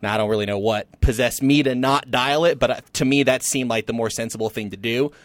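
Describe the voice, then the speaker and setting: A man co-hosting a casual podcast chat, telling a story in an animated, self-deprecating way. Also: medium pitch, fairly quick, no room sound. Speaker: podcast co-host.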